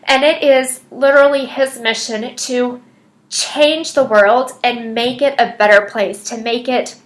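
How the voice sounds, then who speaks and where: A woman's voice: a little high, fairly even intonation, unhurried. A woman telling her personal story as a fitness coach, earnest and chatty with lots of fillers. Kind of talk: personal story, casual monologue.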